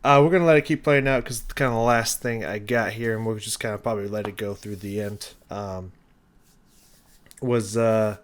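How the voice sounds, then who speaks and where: This music reaction YouTuber breaks down a song casually, rambling and thinking aloud with lots of restarts and fillers. His voice sits on the low side, with a steady tone and a moderate pace.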